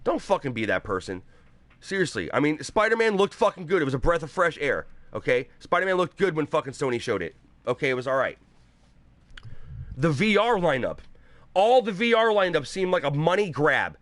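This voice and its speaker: Foul-mouthed man ranting, high animated voice. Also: fairly quick, no room sound. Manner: profane, exasperated ranting with sarcastic mock quotes. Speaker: show host. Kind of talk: ranting gaming commentary.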